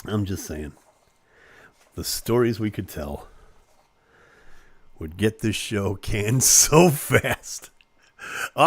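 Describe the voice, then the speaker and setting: A man's voice: medium pitch, no room sound. A man hosting a live online show, casually reading celebrity news aloud with playful jokes and asides.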